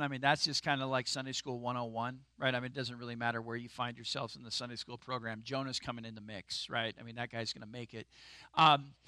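This pastor preaches in a conversational sermon style that breaks into sudden emphatic bursts. His voice is bright and a little higher than most men's, and the sound is dry and close with no room echo.

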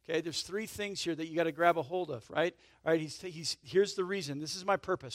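A man's voice: on the high side, a little fast, hardly any pauses, no room sound. Male pastor, tenor-leaning, conversational sermon delivery with frequent audience check-ins; dry, close recording. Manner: emphatic swells in volume, then drops to soft intimate asides.

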